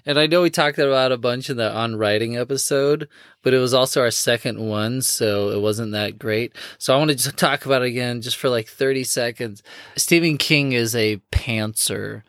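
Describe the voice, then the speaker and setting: A man co-hosting a book podcast, chatting playfully with quick asides and frequent laughs. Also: medium pitch, fairly bright tone, clean tone, no room sound, studio quality. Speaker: podcast co-host. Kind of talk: casual comedic book chat.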